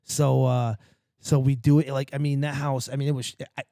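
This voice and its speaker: A man on a podcast telling a rambling, profane prank story, loudly acting out the people in it. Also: mid-range voice, little pitch movement, normal speed, vocal fry, clear, resonant tone, no room sound, studio quality. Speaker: podcast host. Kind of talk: casual storytelling chat.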